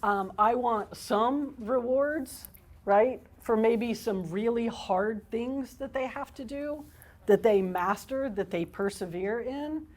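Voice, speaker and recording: A woman giving a live parenting workshop to an audience, talking in an energetic, animated way and laughing often. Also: fairly high pitch, slow.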